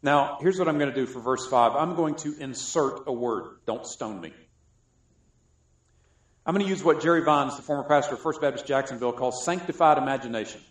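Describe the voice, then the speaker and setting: A man from South Carolina preaching a sermon, joking and swinging between loud and soft. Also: mid-range voice, expressive, brisk. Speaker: pastor. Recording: echoey room.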